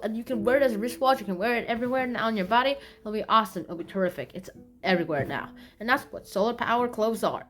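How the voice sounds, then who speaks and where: A woman's voice: a little high, a bit bright. A woman casually summarizing science news from a magazine, in a loose, rambling way with playful asides.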